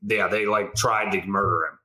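A man's voice: fairly low pitch, steady tone, normal speed, pushed and bright. A man co-hosting a podcast in casual chat, joking bluntly and telling stories in a rush. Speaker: podcast co-host. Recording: echoey room sound.

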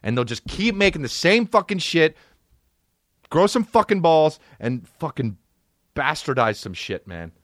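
Animated, profane comedian man. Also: on the high side, a little slow, no echo, studio quality. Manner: excitable, rambling, heavy swearing. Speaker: podcast host.

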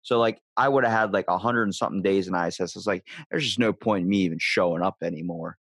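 A man's voice: low-pitched, quick pace, a bit bright, slightly rough, no room sound. A man chatting casually as a podcast guest, rambling through profane stories with lots of fillers and acted-out quotes. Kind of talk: casual storytelling chat.

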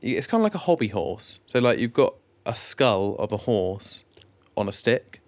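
A man's voice: on the low side, big pitch swings, normal speed. A man with an English accent co-hosting a podcast, chatting casually with many fillers and restarts. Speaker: podcast co-host. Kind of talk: casual chat.

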